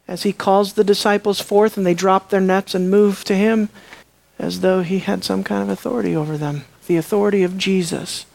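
A preacher delivering a sermon, asking the audience questions and swinging between loud, high emphasis and low, quiet asides. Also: fairly even intonation, normal speed, creaky, no room sound. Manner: asks the audience rhetorical questions.

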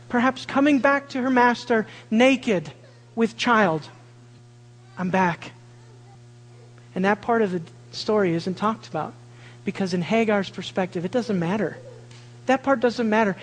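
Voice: medium pitch, in a large hall, poor audio. A preacher giving a sermon, telling a family story and acting out the voices of the people in it.

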